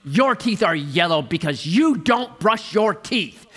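A man voicing a loud, blunt little girl who repeats herself insistently. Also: animated, slightly rough, faint music behind, heavily acted. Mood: shrill, insistent. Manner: shrill, insistent, drawn-out repeats.

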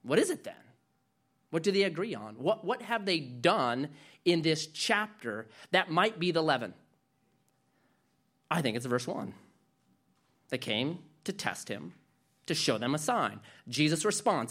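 A male pastor preaching a sermon, animated and acting out quoted voices. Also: fairly high pitch, unhurried, pauses often.

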